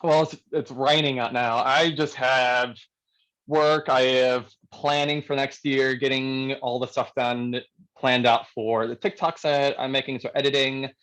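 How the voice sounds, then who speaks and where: A man's voice: mid-range voice, flat delivery, unhurried, fairly bright tone, rough recording. A man, an upbeat guest in a casual interview chat who laughs easily.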